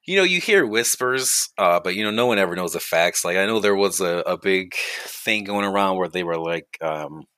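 Deep, bright-toned man in casual chat. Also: normal speed, few pauses, clear, resonant tone, no room sound. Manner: relaxed storytelling, many fillers and asides. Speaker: guest, guild leader.

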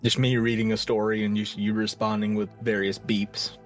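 Man podcast co-host, deadpan wit, casual. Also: on the low side, moderate pace, soft background music. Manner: dry, wry humor. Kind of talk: casual chat.

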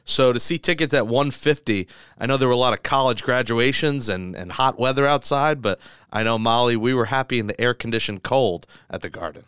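A man hosting a sports talk show, conversational and brisk. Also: medium pitch, a bit bright, smooth, no echo, clean studio sound. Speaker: host.

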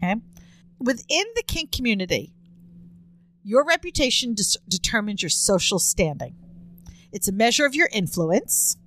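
A woman's voice: a little high, fairly bright tone. Earnest woman in her fifties co-hosting. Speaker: podcast co-host. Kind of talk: casual chat.

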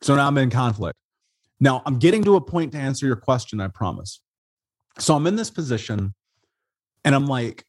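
Husky-voiced man telling his story. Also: mid-range voice, brisk, no room sound. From Indiana, USA. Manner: animated, profane, says "dude" and "man". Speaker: interview guest. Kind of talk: casual storytelling.

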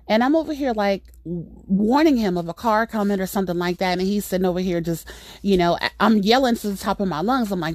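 Middle-aged woman host, gravelly voice, dry close mic, chatty exasperated storytelling. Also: mid-range voice, normal speed, no room sound. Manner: animated, exasperated, rambling with fillers. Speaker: podcast host. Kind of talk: casual storytelling monologue.

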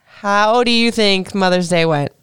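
Chatty, candid mother with a smooth voice. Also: mid-range voice, a little slow, a bit bright, no room sound, clean studio sound. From Florida. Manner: chatty, candid, emotional, rambling. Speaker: podcast host and mother. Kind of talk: casual podcast chat.

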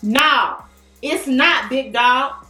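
A woman's voice: high-pitched, extremely slow, bright, forceful tone, roomy sound, far from the mic, faint music behind, full character voice. A woman putting on a New Orleans accent to voice a sassy woman shutting down a flirting man. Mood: dismissive. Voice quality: put-on accent, blunt and dismissive.

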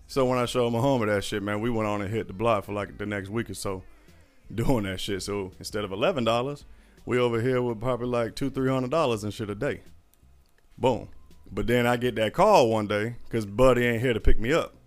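A man telling a story in a casual chat, animated and profane, often laughing. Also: mid-range voice, brisk, faint music behind.

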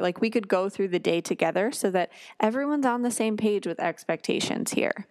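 A woman's voice: mid-range voice, moderate pace, hardly any pauses, dry recording, studio quality. A woman hosting a podcast, telling personal stories in a loose, chatty way with lots of fillers and self-corrections. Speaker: podcast host. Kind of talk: casual storytelling.

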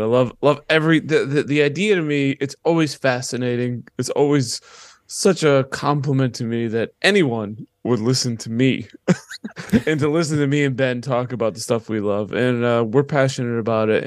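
A young man co-hosts a casual podcast chat and slips in wry, joking remarks. His voice sits at a middle pitch. The recording is dry and close, with no room echo. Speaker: podcast co-host.

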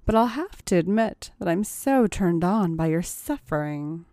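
A bossy young mistress who gives orders in a slow, unhurried drawl, as a woman reader puts her on. Her voice is dark and mellow, dry and close with no room sound, and every line has a teasing, commanding edge. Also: fairly low pitch, animated, dry recording.

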